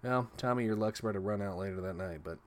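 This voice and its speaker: A man's voice: on the low side, quick pace. A man casually retelling a horror movie plot, swearing often and laughing as he goes. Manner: crude, jokey, laughs while retelling scenes. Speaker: movie recap reviewer. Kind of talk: casual profane movie recap.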